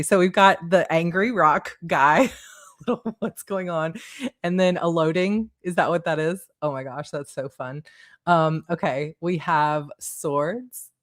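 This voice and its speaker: Low-pitched woman, casual livestream host, giggly and chatty at her desk mic. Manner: bubbly, giggly, reads chat aloud. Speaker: author hosting a livestream.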